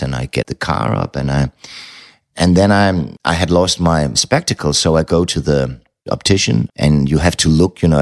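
A man's voice: extremely low pitch, creaky. A middle-aged man, a novelist telling a personal story in an interview, blunt and candid, swearing casually.

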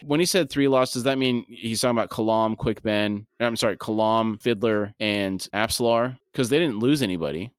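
A man's voice: on the low side, moderate pace, hardly any pauses, smooth, no echo, clean studio sound. A man co-hosting a podcast who reads a novel aloud and breaks off into casual commentary. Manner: reads narration, then breaks off into chatty asides. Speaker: podcast co-host and reader.

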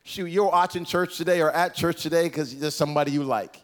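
A man preaching a sermon, animated and playful, acting out voices of Bible figures and teasing the congregation. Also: on the high side, fairly quick. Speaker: pastor. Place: church.

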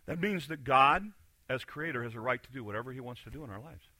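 A male pastor preaching a sermon in a church, animated, acting out the voices he quotes and swinging from quiet to loud. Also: mid-range voice, fast, no room sound. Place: church sanctuary.

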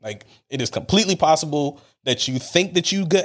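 A man hosting a podcast, telling a casual story in an animated, emphatic way with plenty of slang. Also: fairly high pitch, fairly quick. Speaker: podcast host.

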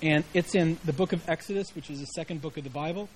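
A man's voice: a little high, fast, slight background noise, low-quality recording. A middle-aged man preaching a sermon in a conversational way, acting out the quoted voices with inflection. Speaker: pastor.

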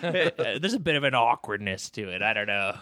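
A man's voice: medium pitch, very animated, brisk, sharp tone, no echo. A man co-hosting a casual film podcast, laughing often and rambling through asides. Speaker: podcast co-host.

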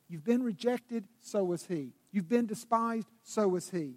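A man preaching a sermon as pastor, swinging between loud bursts and hushed, intimate tones. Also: high-pitched, a little slow, few pauses. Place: church sanctuary. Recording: long reverb of a church hall.

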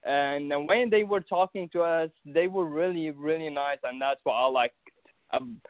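Halting man on a tinny line. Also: a little high, dry recording. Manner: halting, many restarts and fillers. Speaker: guest recounting an event. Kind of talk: casual conversation.

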